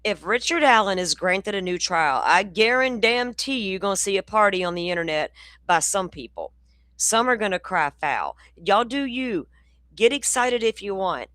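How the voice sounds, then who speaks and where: A woman's voice: mid-range voice, lively intonation, moderate pace, a bit bright, no room sound. A woman host giving blunt, profane, sarcastic commentary on clips.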